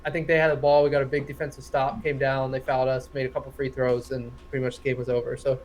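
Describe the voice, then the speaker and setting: A man's voice: medium pitch, little pitch movement, fast talker. A young adult man co-hosting a casual sports podcast, telling a rambling story full of swearing and laughing at himself. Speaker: podcast co-host.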